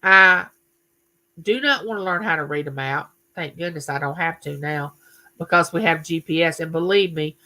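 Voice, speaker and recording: A woman's voice: sits low, moderate pace, sharp tone, poor audio. A woman, chatting casually and telling stories on her live stream, greeting viewers by name. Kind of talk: casual chat.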